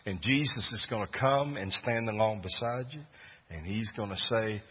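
A man preaching a sermon in an earnest way that swells to loud, fervent peaks. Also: fairly low pitch, normal speed, breathy edge, in a large hall, lo-fi sound. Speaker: pastor.

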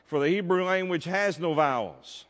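A man's voice: high voice, lively intonation, moderate pace. A man preaching a sermon as pastor, emphatic, drawing out his key words. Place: church sanctuary. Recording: long reverb of a church hall.

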